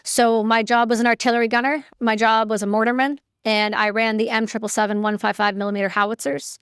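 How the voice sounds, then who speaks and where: A woman's voice: on the high side, little pitch movement, quick pace, smooth, dry recording, studio quality. A woman, a guest telling her story in a candid, chatty way with casual fillers. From Canada. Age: 30s. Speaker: guest, military veteran.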